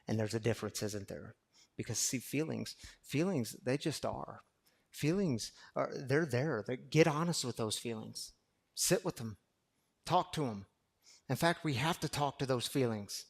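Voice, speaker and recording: Before a live audience, this preacher addresses the congregation as "y'all" and dramatizes a conversation with his fear. He speaks at a measured pace in an animated, medium-pitched voice that is slightly rough, with vocal fry.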